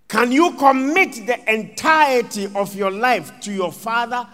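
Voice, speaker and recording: Male pastor, high voice, theatrical sermon delivery, echoing church hall. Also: measured pace, hardly any pauses. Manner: dramatic swings between loud and hushed, acts out scenes. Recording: long reverb of a large hall.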